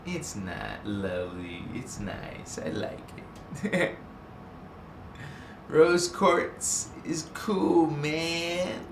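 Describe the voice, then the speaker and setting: Slow, laughing man on an echoey live stream. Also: fairly high pitch, animated. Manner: playful, laughs often, greets chat viewers. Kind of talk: casual live stream chat. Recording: echoey, distant mic, faint background noise.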